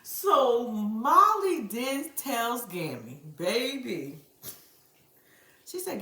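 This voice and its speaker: Woman, reality-TV recap vlogger: animated, profane, dramatic commentary with a bright tone, recorded in an echoey room. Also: a little high, takes it slowly. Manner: animated, profane, dramatic storyteller who laughs often and addresses viewers as "y'all". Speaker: reality show recap host.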